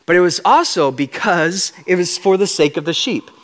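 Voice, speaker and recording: A man preaching in a church sanctuary, his fairly high voice swinging up and down in pitch. He talks with playful, animated energy and clear excitement about word meanings. A long reverb from the big hall hangs after his phrases. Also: moderate pace. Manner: animated, playful, explains Hebrew words. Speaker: guest preacher. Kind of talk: sermon.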